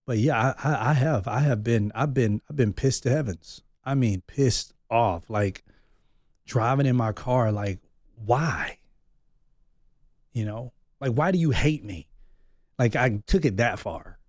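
A man in his thirties, heard as a guest in a candid, personal conversation. He talks openly and reflectively, working out his thoughts aloud at a middle pitch. The sound is dry and close, with no room around it. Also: a little slow, a little mellow, no echo. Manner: open, reflective, thinks aloud. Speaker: podcast guest.

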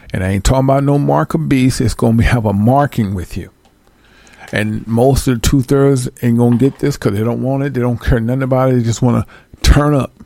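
A man's voice: medium pitch, gravelly, a little mellow, no room sound. A man preaching in a casual street style, giving blunt, slangy warnings to his followers. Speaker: religious teacher addressing followers.

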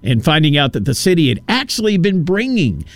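A man's voice: on the high side, sing-song, brisk, no room sound. A man hosting a radio talk show, rambling through stories and acting out quotes in a casual monologue. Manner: rambling, storytelling with acted-out quotes.

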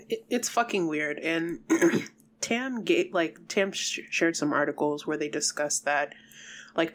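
Casual podcast co-host, blunt and emphatic, mid-pitched voice. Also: a bit bright. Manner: blunt, swears freely, emphatic. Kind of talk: casual chat.

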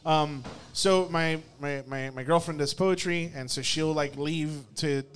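A young man telling a story casually, animated and swearing, laughing often and restarting his sentences. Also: on the high side, a little slow, a little hiss or hum.

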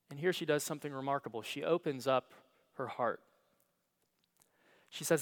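A male pastor preaching a sermon, telling the story dramatically and swinging between hushed and emphatic delivery. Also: a little high, normal speed. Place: church.

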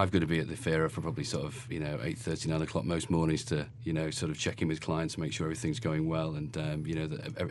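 A man's voice: deep voice, a little hiss or hum. A man chatting as a podcast guest, rambling with lots of fillers and laughs. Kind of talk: casual chat.

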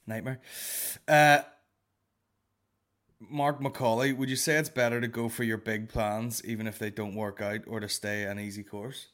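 A man's voice: medium pitch, fairly bright tone. A man with a Northern Irish accent hosts a comedy podcast by himself, reading out listener questions. He rambles and swears freely, mocking himself as he goes. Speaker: podcast host. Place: alone in a room.

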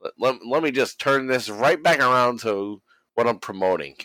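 A man's voice: mid-range voice, animated, moderate pace, a bit bright, no room sound, rough recording. Profane laughing man with a dry sound. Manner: mimics people he quotes. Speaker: podcast host. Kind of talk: casual chat recapping wrestling.

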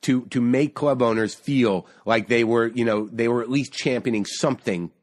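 A man's voice: mid-range voice, normal speed, no echo, clean studio sound. A middle-aged man, a stand-up comedian, telling a story in casual chat, swearing often and restarting his sentences as he gets heated. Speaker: stand-up comedian, podcast guest.

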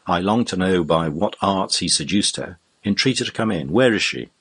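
A man's voice: low voice, animated, normal speed, a bit bright, slightly rough, heavily acted. A man voicing a stern, indignant old baronet. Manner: stern, exclaiming. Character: indignant older male baronet, stern judge. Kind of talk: audiobook reading.

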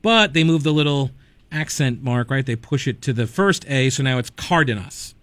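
A male talk radio host speaking into a close studio mic with a dry, deadened sound. He rambles in a conversational, opinionated way and keeps wandering off on wry side notes. His pitch sits in the middle range. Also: animated, normal speed, no echo. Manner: conversational, digressive, wry asides. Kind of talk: conservative talk radio commentary.

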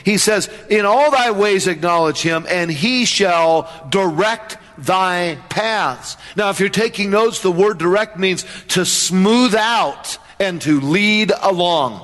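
A man's voice: high-pitched, takes it slowly, few pauses, a bit bright, big-room sound. A man preaching a sermon as pastor, emphatic, with repeated refrains and questions to the congregation.

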